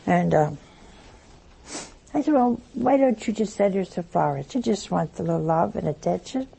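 A woman's voice: lowish voice, lively intonation, moderate pace, gravelly, mellow, slightly rough. An older woman giving a chatty, folksy sermon, telling stories and acting out the dialogue in different voices. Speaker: religious speaker. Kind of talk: storytelling sermon.

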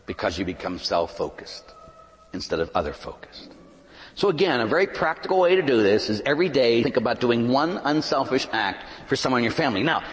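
Male pastor, sermon delivery, fairly high voice with lively swings, long church reverb. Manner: animated preaching, swinging from loud emphasis to hushed asides. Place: large church.

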